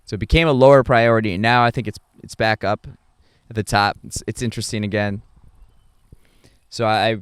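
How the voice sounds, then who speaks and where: A young adult man hosting a podcast, talking through his thoughts in a rambling, halting way with many fillers and restarts. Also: on the low side, steady tone, clear, resonant tone, dry recording. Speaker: podcast host. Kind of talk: casual reflective monologue.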